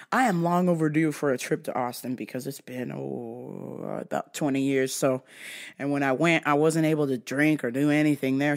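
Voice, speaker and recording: A woman in her thirties telling comedic travel stories to camera, animated, profane and often laughing. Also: lowish voice. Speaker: vlogger. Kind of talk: casual comedic storytelling.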